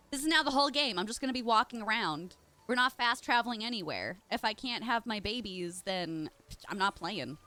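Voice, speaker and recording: A woman's voice: medium pitch, bright, forceful tone. A young woman live streaming a game, chatting casually and gushing as she talks straight to her viewers. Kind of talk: casual live-stream chat while gaming.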